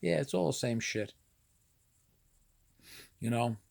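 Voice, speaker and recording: A man's voice: mid-range voice, lively intonation, slow, gravelly, a little mellow. A middle-aged man from northern New Jersey with a New Jersey Italian-American accent, chatting casually in a rambling, streetwise way and swearing offhandedly. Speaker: vlogger. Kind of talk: casual monologue.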